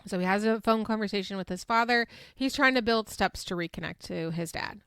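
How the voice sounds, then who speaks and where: A woman's voice: mid-range voice, fairly quick, a bit bright, clean tone, no echo, studio quality. A woman past her twenties hosting a casual, chatty recap. She speaks frankly, swears freely and laughs often between fillers. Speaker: podcast host recapping a reality show.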